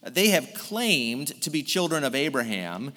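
A man's voice: mid-range voice, big pitch swings, a little slow, sharp tone. A male pastor preaching an earnest sermon, explaining a text verse by verse. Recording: long hall reverb.

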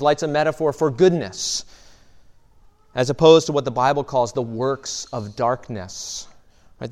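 Smooth-voiced male pastor preaching conversationally. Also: mid-range voice. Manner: conversational preaching with frequent "right?" asides and restarts. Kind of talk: sermon.

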